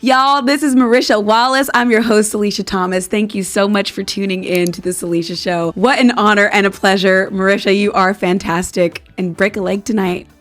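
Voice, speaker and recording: A woman's voice: mid-range voice, fairly even intonation. A woman hosting an interview show, chatting casually and reacting effusively to her guest. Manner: effusive, quick to react with gasps and laughs. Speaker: podcast host.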